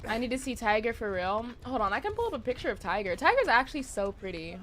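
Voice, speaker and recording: A young adult woman streaming a game, chatting casually with her viewers in animated, profane, slangy banter. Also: a little high, fast, slight background noise. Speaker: gaming streamer. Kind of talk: casual livestream chat while gaming.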